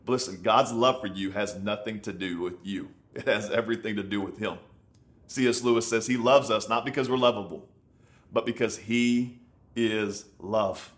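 A man's voice: fairly low pitch, steady tone, normal speed, fairly bright tone. Male pastor, 30s, conversational sermon, emphatic and repetitive. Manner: emphatic, conversational preaching with repeated words. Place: on location in a city.

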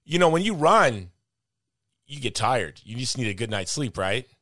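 A man's voice: medium pitch, big pitch swings, normal speed, pushed and bright, no echo, clean studio sound. A man hosting a podcast, chatting casually and teasing his guest with playful jokes. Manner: joking, teasing, plugs the sponsor playfully. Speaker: podcast host. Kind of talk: casual chat.

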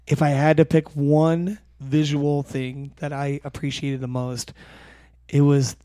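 Mellow-voiced chatty man, slightly high. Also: takes it slowly, clear, resonant tone. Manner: animated, rambling storyteller. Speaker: podcast host. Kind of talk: casual chat.

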